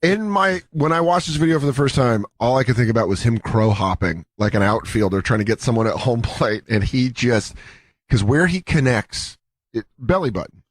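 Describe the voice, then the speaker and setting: A man co-hosting a talk radio show in casual banter, with wry, deadpan quips and mock quotes. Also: mid-range voice, normal speed, no echo. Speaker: radio co-host.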